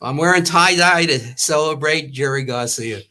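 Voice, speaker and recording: A man's voice: a little high, normal speed, noisy background. Older man telling rambling stories. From Long Island, New York. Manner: rambling, warm storytelling with acted-out quotes. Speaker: guest storyteller, former magazine owner. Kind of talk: casual anecdote telling.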